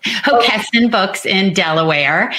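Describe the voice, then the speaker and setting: A woman's voice: medium pitch, animated, unhurried, pushed and bright, poor audio. A woman hosting a casual online chat show, chatty and self-mocking as she tells a funny story. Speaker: host.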